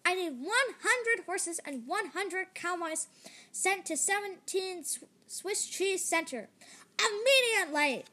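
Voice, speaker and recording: A squeaky, very high female mouse, put on by a woman reading aloud, cheerful and bossy. She snaps out orders and stretches her sweet words into a lazy drawl, in a storybook reading. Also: very animated, fairly bright tone, heavily acted. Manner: brisk, commanding, drawling endearments.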